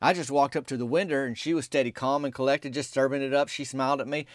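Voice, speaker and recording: A man, telling a folksy comic story in a drawling, deadpan small-town voice. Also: medium pitch, quick pace, dry recording, studio quality. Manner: drawling Southern-style rural dialect, deadpan storytelling. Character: small-town softball player telling his tale.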